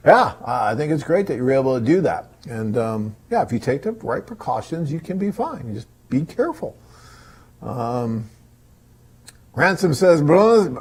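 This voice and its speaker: Husky-voiced man hosting a live Q&A. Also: fairly low pitch, a little mellow. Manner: chatty, upbeat and reassuring, with many "you know" fillers. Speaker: host of a live webcast answering viewer questions. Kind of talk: casual live Q&A.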